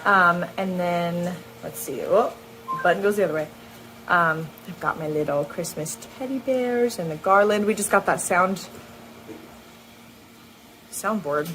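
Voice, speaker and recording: A woman's voice: fairly low pitch, unhurried, long pauses, fairly bright tone, poor audio. Young woman chatting to her camera at home, lots of ums and little laughs, faint hum behind. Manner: chatty, laughs often, many ums and likes. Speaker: vlogger. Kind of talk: casual vlog storytelling. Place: at home indoors. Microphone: handheld camera on a gimbal.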